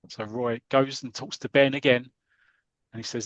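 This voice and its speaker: Podcast host, chatty comic recap, mid-pitched, dry close sound. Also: male voice, moderate pace, no echo. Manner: chatty, animated storytelling. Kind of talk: retelling a comic strip on a podcast.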